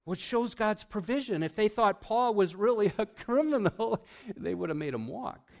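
A man preaching with lively energy in a church, his voice sitting a touch higher than most men's. He leans into big, loud emphasis, then drops to quiet asides, questioning the congregation and chuckling as he goes. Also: moderate pace, creaky. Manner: animated, swings between loud emphasis and hushed asides. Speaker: pastor. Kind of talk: sermon.

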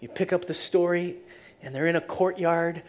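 A woman pastor preaching a sermon, retelling the story casually and swinging from loud to hushed. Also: fairly low pitch, normal speed.

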